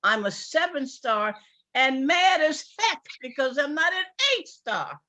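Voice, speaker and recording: A woman with a New York accent giving an excited, repetitive, rambling testimonial on a group phone call. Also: sits high, a little slow. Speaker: distributor on a sales call.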